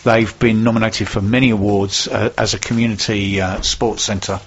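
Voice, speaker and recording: A man's voice: on the low side, level tone, moderate pace, lo-fi sound, a little hiss or hum. A man hosting a local business radio show in casual chat, rambling with plenty of fillers. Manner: chatty, rambling, many fillers.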